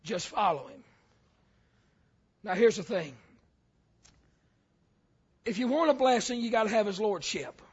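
Pastor, male, very high voice, storytelling sermon that swells to shouting, muffled lo-fi recording. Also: animated, measured pace, pauses often, husky. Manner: storytelling preacher, repeats words, builds to shouts.

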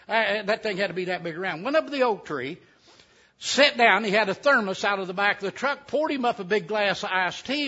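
A man's voice: sits high, sharp tone. A man telling a folksy tale to a live audience, with chatty asides. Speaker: storyteller. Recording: dull lo-fi recording.

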